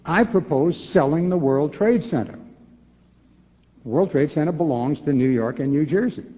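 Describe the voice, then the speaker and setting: Answering a Q&A question at a forum, this sixties-aged former governor speaks at a normal speed in a fairly high voice, animated and rhetorical. He plays both parts in dialogues and repeats words when restarting, and the recording is dull lo-fi tape in an echoey large lecture hall.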